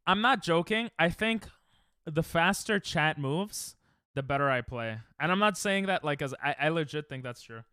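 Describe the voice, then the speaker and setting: A man's voice: on the high side, lively intonation, moderate pace, sharp tone, clean tone, dry recording, clean studio sound. A young man live-streaming, chatting to viewers in a rambling, self-mocking way while he plays. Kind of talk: casual live-stream chat while gaming.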